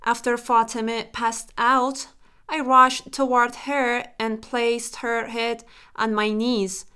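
An actress playing one of a chief's wives in a radio drama, speaking in a confessional, reflective way. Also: female voice, a little high, a bit bright, clean tone. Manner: slow, confessional.

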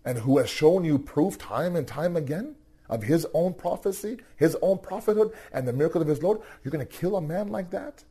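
A man voicing a calm court adviser who pleads and reasons with a king. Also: a little high, fairly quick, breathy edge, voice pushed up. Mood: urgent.

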